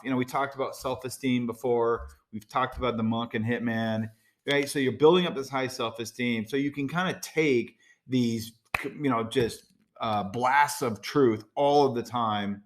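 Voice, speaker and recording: A man's voice: medium pitch, moderate pace. A middle-aged American man hosting a solo podcast, talking in a conversational, direct way with frequent fillers and asides. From United States. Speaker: podcast host. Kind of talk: casual solo podcast talk.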